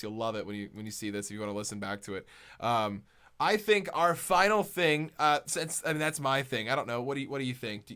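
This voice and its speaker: A man's voice: mid-range voice, bright, forceful tone, clean tone. A young man hosting a casual podcast, telling rambling, sweary stories with lots of animation. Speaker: podcast host.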